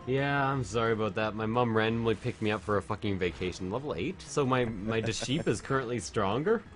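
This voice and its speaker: A man's voice: on the low side, a little fast, faint music behind. A man streaming a video game while drunk, chatting casually, rambling and swearing a lot.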